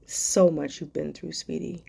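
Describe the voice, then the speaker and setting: A woman's voice: deep voice, steady tone, a little slow, gravelly, warm tone, breathy edge. Affectionate woman hosting a live Q&A. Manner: affectionate, calls viewers darling, baby, sweetheart; emotional, close to tears, spiritual encouragement. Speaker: host and life coach. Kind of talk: live stream Q&A, reading viewer comments.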